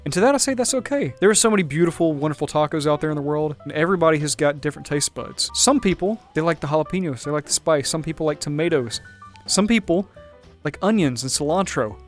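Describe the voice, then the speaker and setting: A man's voice: on the high side, lively intonation, quick pace, soft background music. A man hosting a gaming channel, giving upbeat, jokey running commentary while he plays. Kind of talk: casual gameplay commentary.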